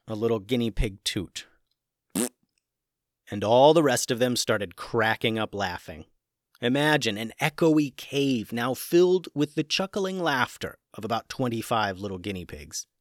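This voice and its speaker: A man narrating a children's adventure story, shifting expressively between hushed suspense and excitement. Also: medium pitch, dry recording, studio quality.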